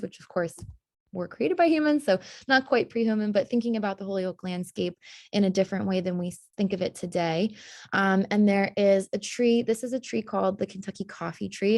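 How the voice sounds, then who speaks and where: A woman's voice: mid-range voice, gravelly, no echo, studio quality. A young woman, a tree historian, presenting casually on a video call, chatty and full of fillers and small laughs. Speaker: tree historian giving a talk.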